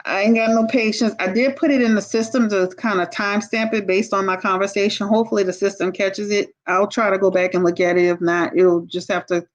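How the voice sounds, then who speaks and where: A woman's voice: mid-range voice, steady tone, fairly quick, few pauses. A woman hosting a tarot livestream, talking to her viewers in a blunt, candid, casual way and calling them y'all. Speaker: tarot reader and livestream host.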